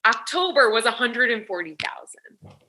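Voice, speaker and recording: A woman's voice: on the high side, very animated, normal speed, bright, forceful tone, a little hiss or hum. A woman guest and business coach in casual interview chat, talking freely with many "like" and "you know" fillers. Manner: chatty, restarts and fills with "like" and "you know".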